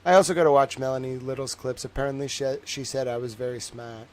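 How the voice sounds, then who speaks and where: A man's voice: mid-range voice, steady tone, fast talker. A young man with a Boston accent chatting casually on his livestream, rambling and joking, with lots of filler words. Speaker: livestream host.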